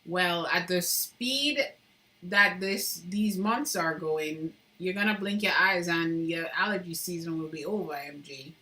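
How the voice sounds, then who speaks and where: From indoors at home, a woman hosts a casual live stream, carving while she chats with viewers, reads their comments aloud and laughs frequently. Her voice is on the low side, unhurried, bright and forceful.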